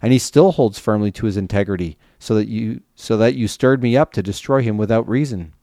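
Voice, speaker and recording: God as a commanding male figure, speaking with calm authority, as a man reads him. The voice is low and the delivery is steady and measured. The sound is dry. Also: dry recording, natural voice. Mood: stern.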